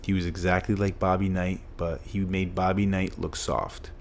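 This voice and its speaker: A man's voice: low-pitched, little pitch movement, moderate pace, gravelly, a little hiss or hum. A middle-aged man from Massachusetts, a former football player telling stories as a podcast guest, emphatic and fond of repeating phrases for punch. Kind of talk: storytelling in a podcast conversation.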